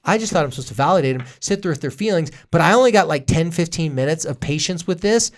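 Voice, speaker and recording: A man co-hosting a parenting podcast, chatting casually and acting out quoted parents and kids. His voice sits a touch higher than most men's. He keeps it loose and jokey. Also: lively intonation, quick pace. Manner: jokey asides. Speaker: podcast co-host, parenting therapist.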